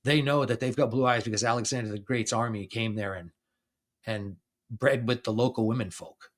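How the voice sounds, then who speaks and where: A man's voice: mid-range voice, fairly even intonation, normal speed. A man in his fifties hosting a podcast, talking casually, laughing often and restarting his sentences as he tells stories. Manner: chatty storytelling, laughs often between phrases; restarts and repeats words. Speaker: podcast host. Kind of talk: casual conversation.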